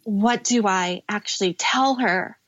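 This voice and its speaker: A young adult woman from the United States, a podcast guest telling her family's story candidly, halting and tearful at times. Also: medium pitch, a bit bright, dry recording, highs cut off. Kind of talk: emotional personal storytelling.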